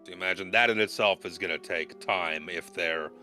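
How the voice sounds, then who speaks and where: A man narrating as game master of a tabletop game, telling the story in an animated, expressive way. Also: low voice, brisk, faint music behind.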